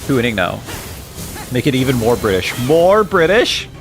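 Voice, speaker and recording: A man's voice: mid-range voice, a little fast, creaky. A young man streaming a game, reading chat aloud and joking around, laughing often. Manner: playful, jokey, laughs often. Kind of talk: casual live-stream commentary, reading chat. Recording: game music playing loudly behind.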